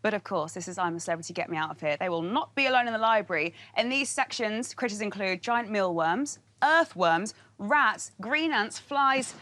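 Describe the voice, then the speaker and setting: A woman's voice: mid-range voice, animated, moderate pace, hardly any pauses, sharp tone, dry recording. A British woman presenting a segment from a set, explaining a challenge in a playful way. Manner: playful, easily frightened. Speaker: on-location presenter. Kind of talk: live presenting.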